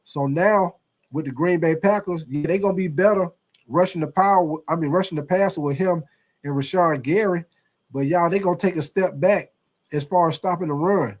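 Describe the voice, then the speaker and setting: A man hosting a casual sports livestream, talking in an animated, slangy way and reading out viewer comments. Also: on the high side, normal speed. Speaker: host.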